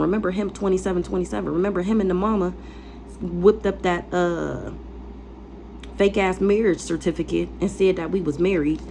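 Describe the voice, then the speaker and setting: A woman's voice: lowish voice, a little mellow, slight background noise. A woman tarot reader ranting casually, blunt, defiant and profane, repeating phrases for emphasis.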